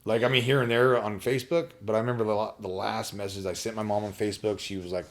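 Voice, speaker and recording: A man as a podcast guest, candidly telling a personal story in a blunt, profane way, halting and restarting often. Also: fairly low pitch, fairly even intonation.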